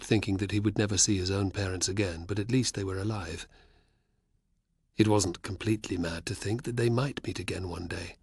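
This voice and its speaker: A man narrating an audiobook in a measured, even way. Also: lowish voice, slightly rough, dry recording, clean studio sound. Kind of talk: scripted narration.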